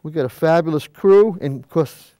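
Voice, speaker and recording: An older man with a slightly high voice talks through a painting lesson in a folksy, chatty way and drifts into asides as he works. The studio sound is dry and close, though he fades now and then as he steps back from the canvas. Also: normal speed, mellow, clear, resonant tone, no room sound. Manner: moves away from the mic to step back and view the canvas. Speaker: painting show host. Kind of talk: casual painting demonstration. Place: high school cable TV studio.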